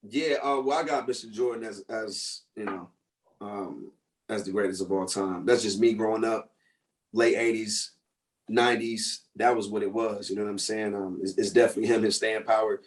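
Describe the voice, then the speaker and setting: A man's voice: lowish voice, normal speed. Male rapper guest, 30s, loose storyteller, distant pickup. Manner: animated storyteller, acts out quotes. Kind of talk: casual radio interview chat. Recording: distant from the mic.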